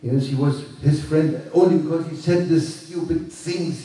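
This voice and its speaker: A man telling a teaching story to a workshop group, halting and repeating himself, with moralizing asides. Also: on the high side, fairly even intonation, warm tone. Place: workshop room. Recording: echoey room from far off.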